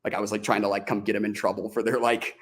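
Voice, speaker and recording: A man as a podcast guest, telling a story in a casual, animated way, acting out the dialogue as he goes and often restarting his sentences. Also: lowish voice, very fast. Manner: frequent restarts and "like" fillers.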